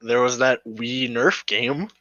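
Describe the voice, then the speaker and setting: A man's voice: mid-range voice, fairly even intonation, takes it slowly, sharp tone, muffled recording. A man co-hosting a podcast in casual chat, rambling and trailing off. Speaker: podcast co-host.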